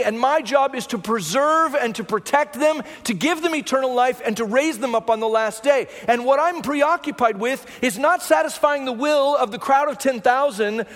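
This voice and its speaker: A man's voice: extremely high pitch, a bit bright, long reverb tail. A man preaching a sermon as pastor, talking through the scripture in a conversational way and often checking in with the congregation. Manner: conversational preaching with rhetorical "right?" asides.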